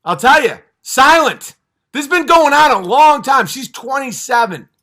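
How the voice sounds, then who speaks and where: A man's voice: very high voice, lively intonation, normal speed, pushed and bright. A man hosting a livestream, ranting passionately and profanely, rambling from point to point. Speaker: livestream host. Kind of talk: heated livestream rant.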